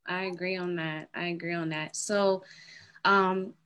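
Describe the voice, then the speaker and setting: A woman hosting an interview, asking gentle, supportive questions. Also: on the low side, steady tone, a little slow, smooth. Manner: supportive, affirming. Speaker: host.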